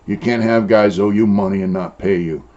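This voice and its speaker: Speaking at a normal speed with a steady, warm tone, a man with a lowish voice shares prison stories. He is an older San Diego native and former inmate being interviewed, and his casual telling is blunt, profane, and packed with "uh" and "you know," all on a dull lo-fi recording.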